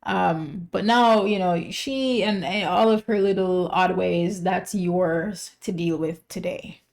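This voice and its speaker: A woman hosting a reaction video, musing out loud in casual, chatty commentary full of "like" and "you know". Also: fairly low pitch, slow pace, vocal fry.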